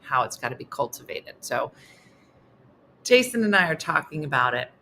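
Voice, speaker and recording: A woman's voice: low-pitched, big pitch swings, moderate pace, a bit bright, a little hiss or hum. A middle-aged woman hosting a morning show, telling a funny story in a casual way and laughing often as she goes.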